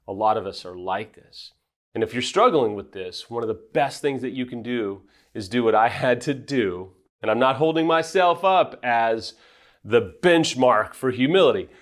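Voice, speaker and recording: An earnest man talks straight to his listeners as a recovery coach. He presses his points with emphasis and sometimes pokes fun at himself. His delivery is plain and conversational. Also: medium pitch. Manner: earnest and emphatic, with self-deprecating asides. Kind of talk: direct advice talk to viewers.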